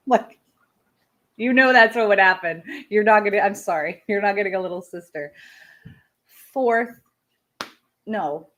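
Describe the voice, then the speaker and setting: A woman's voice: mid-range voice, a little slow, pauses often, fairly bright tone. A woman in her thirties hosting a live show, chatting casually with viewers, laughing often and making self-deprecating asides. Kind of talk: casual personal chat.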